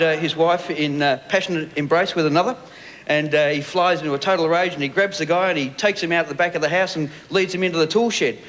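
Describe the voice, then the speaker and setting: An Australian man on a TV panel show, firing off gags and punchlines in quick jabs. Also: high-pitched. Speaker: comedian panelist. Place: TV studio with live audience. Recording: loud studio audience and room noise.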